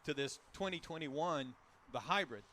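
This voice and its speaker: A man's voice: on the high side, animated, moderate pace, sharp tone, a little hiss or hum. A man co-hosting a car show, chatting casually and reeling off prices and specs. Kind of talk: casual outdoor chat.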